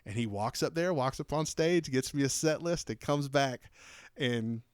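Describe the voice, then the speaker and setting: A man co-hosting a podcast, telling a long casual story with lots of fillers and lively retellings. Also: mid-range voice, normal speed, clean tone, no room sound, studio quality. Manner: animated, rambling anecdote with many fillers. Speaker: podcast co-host.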